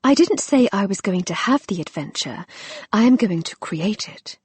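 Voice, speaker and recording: A woman voicing a bold, playful young wife in an audiobook, with a teasing, breathy delivery that leaps higher at times. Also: expressive, normal speed, no echo. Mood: earnest.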